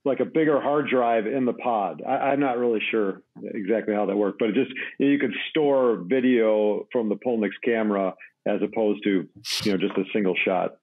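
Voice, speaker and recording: A middle-aged man answers in a measured way and hedges his claims. His voice is fairly low. It comes through a thin, phone-like line. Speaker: guest, former Navy flight officer. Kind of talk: conversational interview.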